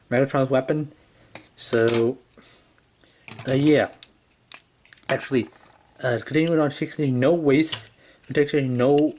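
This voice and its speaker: A man's voice: mid-range voice, a little mellow, a little hiss or hum. A man casually reviewing a toy, rambling with lots of fillers and restarts. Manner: rambling, full of "yeah" and "kinda".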